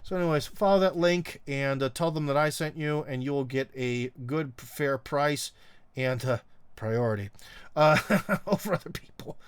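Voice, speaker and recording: A man's voice: medium pitch, fairly even intonation, normal speed, clear, resonant tone, no room sound. A middle-aged man hosting a live stream, chatting casually and reading viewer comments in a rambling, wry way, full of ums and uhs. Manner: wry, teasing.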